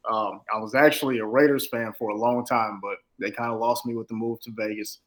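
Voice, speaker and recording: A man in his thirties, a football coach, talking easily and calmly as a podcast guest. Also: fairly low pitch, a little fast, poor audio. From Los Angeles. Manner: laid-back, easygoing, some stammering restarts. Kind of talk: casual interview chat.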